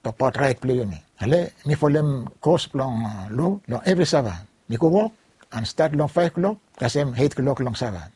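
Older Vanuatu man, husky pidgin recollection. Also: fairly high pitch, very animated, dark tone, no echo. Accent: Bislama pidgin. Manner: halting, repetitive phrasing with French words mixed in. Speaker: lawyer recounting his career. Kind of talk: oral history recollection.

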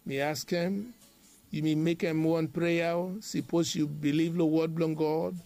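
A man's voice: on the high side, steady tone, a little slow, a little mellow, dry recording. A man delivering a devotional sermon, emphatic and repetitive in a chanting preaching rhythm.

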